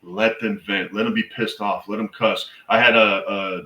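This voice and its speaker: A man's voice: on the low side, fairly even intonation, normal speed, sharp tone, echoey room, rough recording. A middle-aged man, a military veteran and suicide prevention educator, telling stories in a blunt, emphatic way as an interview guest. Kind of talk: conversational podcast interview.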